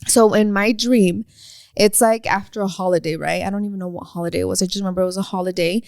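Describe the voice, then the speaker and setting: A woman's voice: medium pitch, quick pace, no room sound, clean studio sound. Chatty woman telling a story. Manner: animated, heavy use of "like", breaks into laughter. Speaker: podcast co-host. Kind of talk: casual storytelling chat.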